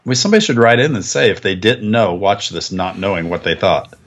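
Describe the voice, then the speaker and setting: Husky man grumbling on a podcast. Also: fairly low pitch, expressive, fast talker, lo-fi sound. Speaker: podcast co-host. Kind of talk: casual podcast chat.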